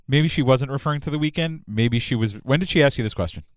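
A man co-hosting a talk show, teasing and arguing quickly. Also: medium pitch, clean tone, dry recording, studio quality. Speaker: radio show co-host. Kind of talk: casual talk show chat.

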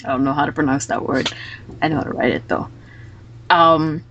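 A woman hosting a casual podcast, retelling scenes quickly and with animation. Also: low-pitched, fairly even intonation, highs cut off, noisy background. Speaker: podcast host.

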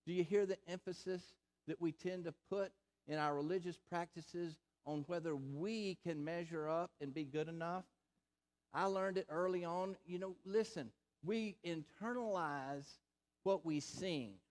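A male pastor preaching a sermon, stressing words, slowing on key phrases and asking the congregation rhetorical questions. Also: a little high.

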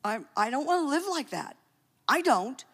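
A woman's voice: high voice, big pitch swings, moderate pace, a bit bright, husky. A woman preaching a sermon in a conversational, emphatic way, with joking asides. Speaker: speaker at a church talk.

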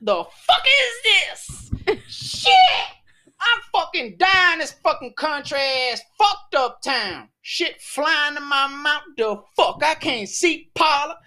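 A man's voice: very high voice, very animated, slow, sharp tone, voice pushed up, full character voice. A man imitating a male TV news reporter who abruptly loses his composure and screams curses. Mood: furious shrieking. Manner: shrieking, cursing outburst.

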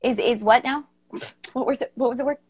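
A woman's voice: high-pitched, fairly quick, breathy edge, no room sound. A woman co-hosting a poetry stream, chatting casually, swearing and laughing often, and reading poems aloud.

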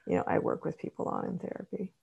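A middle-aged woman therapist and author, answering interview questions in a measured, explanatory way with frequent ums. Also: darkish tone, muffled recording.

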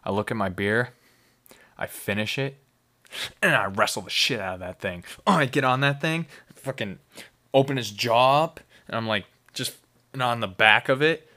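A man's voice: medium pitch, normal speed, bright, forceful tone. A young man hosting a podcast, reviewing a beer in casual, rambling and profane chat. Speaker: podcast host.

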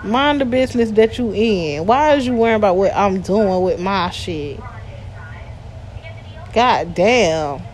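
A woman's voice: mid-range voice, takes it slowly, darkish tone, slight background noise. A woman, recording a profane, exasperated ranting voice message. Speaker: voice message poster.

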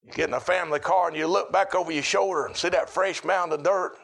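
A middle-aged man preaching a sermon, chanting in a repetitive cadence that rises to shouts. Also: high-pitched, steady tone, fast, vocal fry.

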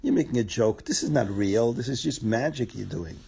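Brief: unconvinced king, halting and dismissive, husky low voice, from a male storyteller. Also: lively intonation, mellow, full character voice. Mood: doubtful. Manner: hesitant, dismissive. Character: doubting skeptical king, man.

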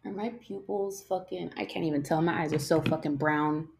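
A woman's voice: deep voice, steady tone, moderate pace, gravelly. Tired young woman rambling and swearing. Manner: rambling, swears often, loses her train of thought. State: yawning, tired. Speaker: podcast host. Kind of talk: casual rambling podcast chat.

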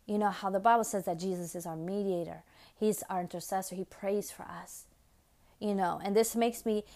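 A woman's voice: medium pitch, gravelly, mellow. A woman hosting a devotional podcast, talking earnestly and preaching, repeating phrases for emphasis. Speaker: podcast host.

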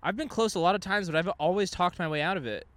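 A man's voice: sits high, quick pace, a bit bright, slight background noise. A man chatting casually, rambling with lots of "like" and "you know" fillers. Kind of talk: casual chat.

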